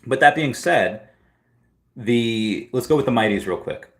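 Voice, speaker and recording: A man's voice: mid-range voice, expressive, unhurried. A man hosting a casual livestream, rambling through chat questions and often restarting and repeating words. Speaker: livestream host answering chat.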